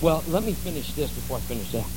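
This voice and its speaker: A man's voice: a little high, expressive, fast talker, noisy background. A man pastor preaching a sermon in a church, telling stories in a folksy, conversational way. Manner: folksy storytelling.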